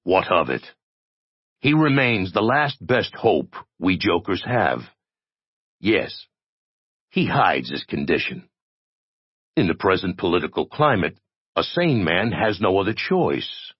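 A man's voice: low-pitched, very animated, takes it slowly, pauses often, breathy edge, no room sound, highs cut off, heavily acted. A man voicing a refined, calculating joker leader who speaks formally and wearily. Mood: earnest. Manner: formal, weary, polite.

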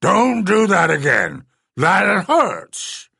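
A man voicing a man-sized alien beast that speaks in broken, halting phrases. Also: high-pitched, wildly swooping pitch, vocal fry, sharp tone, breathy edge, no echo, studio quality, voice pushed up, heavily acted.

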